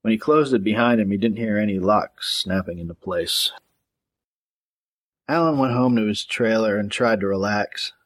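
A man narrating a gritty crime novel in a steady, matter-of-fact audiobook reading. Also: lowish voice, normal speed.

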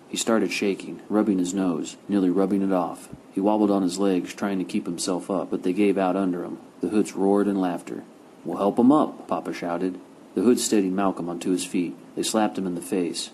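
Deep-voiced man narrating a gritty crime novel. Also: darkish tone, slight background noise, rough recording. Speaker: audiobook narrator.

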